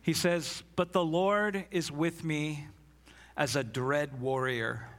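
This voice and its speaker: A man's voice: fairly high pitch, steady tone, takes it slowly, fairly bright tone. A man preaching a sermon as pastor, earnest and emphatic, reading scripture aloud.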